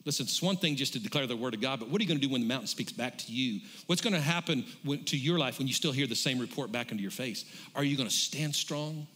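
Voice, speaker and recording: A man's voice: medium pitch, quick pace, few pauses, sharp tone. A middle-aged pastor, preaching fervently and calling out to his congregation. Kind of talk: sermon.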